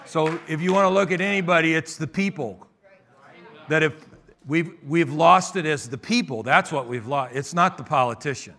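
A male pastor preaching a sermon, calling out for amens and moving between loud emphatic bursts and quieter asides. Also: fairly high pitch, normal speed.

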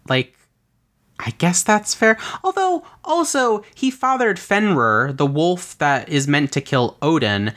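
A podcast host explaining a game character build, telling the backstory with exasperated asides and casual swearing. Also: mid-range voice. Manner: animated, exasperated storytelling with quick asides; casual swearing and filler words.

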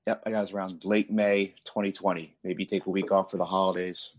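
An easygoing man with a somewhat low voice chatting as a podcast co-host. He stumbles and repeats words when he begins a thought, keeping a relaxed, friendly pace. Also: brisk, muffled recording. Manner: stammering, easygoing. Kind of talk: casual banter.

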